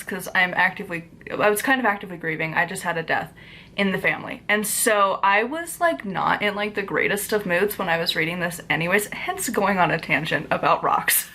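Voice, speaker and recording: A woman's voice: mid-range voice, sing-song, normal speed, sharp tone, slight background noise. A woman in a casual vlog book review, mid-rant. She is exasperated, peppers every sentence with "like", and swears freely in her everyday speaking voice. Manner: exasperated ranting, heavy use of "like", casual swearing. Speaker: book reviewer and witchcraft author.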